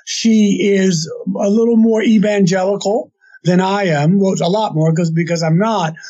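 A man recounts a story he heard, wandering back and restarting as he quotes the people in it. His voice sits high but sounds mellow and breathy. The recording is muffled and lo-fi. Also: fairly even intonation, unhurried. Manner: rambling, with restarts and quoted dialogue. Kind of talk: casual retelling of an anecdote. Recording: dull lo-fi sound.

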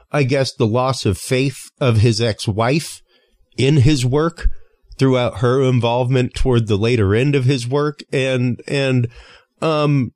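A man's voice: mid-range voice, a little mellow, no echo, clean studio sound. A man hosting a podcast, reading sponsor plugs and then chatting with a guest, often restarting with fillers. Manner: halting, many fillers and restarts. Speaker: podcast host. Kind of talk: casual interview chat.

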